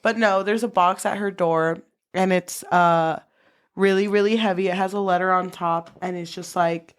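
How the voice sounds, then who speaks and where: A woman co-hosting a book podcast in casual chat, retelling the story in an animated, blunt and profane way. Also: fairly low pitch, moderate pace, clean tone. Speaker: podcast co-host.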